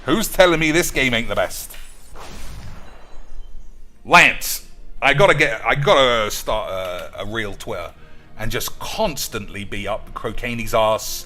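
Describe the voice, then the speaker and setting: A man's voice: medium pitch, animated, a little slow, sharp tone, faint music behind. A man streaming a card game, ranting with sarcastic, profane commentary. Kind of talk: gameplay commentary.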